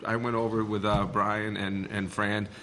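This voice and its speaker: A man from Boston with a Boston accent, a board member speaking in a meeting, animated and full of restarts. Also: fairly low pitch, normal speed, slight background noise. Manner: animated, rambling, frequent restarts.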